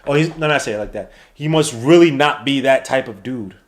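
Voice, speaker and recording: A man's voice: mid-range voice, brisk. A man, hosting a live sports watch-along podcast in casual, slangy banter, reading chat and calling plays. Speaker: podcast host. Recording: roomy echo.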